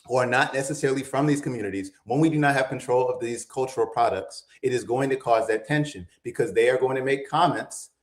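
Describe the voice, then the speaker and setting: A man's voice: medium pitch, fast, hardly any pauses, reverberant. A man co-hosting a morning talk show, arguing his point insistently and rising to emphatic peaks. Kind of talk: heated debate on a talk show.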